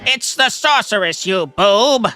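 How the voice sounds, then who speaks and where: A man doing a high, nasal impression of a sneering cartoon skeleton villain. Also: expressive, unhurried, pushed and bright, faint music behind, full character voice.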